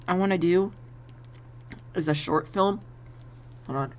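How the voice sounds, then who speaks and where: A woman's voice: on the low side, measured pace. A young woman streaming from home, chatting casually while she draws, swearing and laughing as she tells stories and plays the people in them. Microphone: desk mic.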